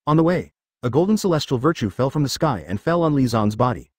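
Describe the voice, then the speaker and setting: A man narrating a web novel aloud in an even, machine-like reading. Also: mid-range voice, fast, no echo, studio quality. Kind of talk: text-to-speech novel reading.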